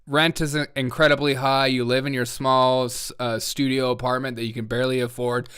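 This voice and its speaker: A man's voice: mid-range voice, little pitch movement, a little fast, fairly bright tone, clean tone. A man hosting a casual comedy news show, joking loosely and laughing often. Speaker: host.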